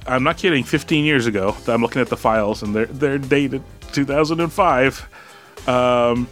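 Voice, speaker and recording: Rambling podcast host, man. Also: medium pitch. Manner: rambling, many restarts and laughs. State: hiccups, drinking beer. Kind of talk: casual chat.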